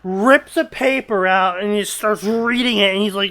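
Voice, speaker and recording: A man's voice: high voice, normal speed, sharp tone, no echo. A young man reading fanfiction aloud with sarcastic comic commentary, mocking the story as he goes. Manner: sarcastic, mocking, breaks into laughter. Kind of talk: comedic dramatic reading with commentary.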